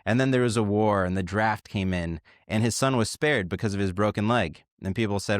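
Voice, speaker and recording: A man co-hosting a podcast in casual chat, thoughtfully telling parables and trailing off quietly at the ends of lines. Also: on the low side, brisk, hardly any pauses, no echo, clean studio sound. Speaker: podcast co-host.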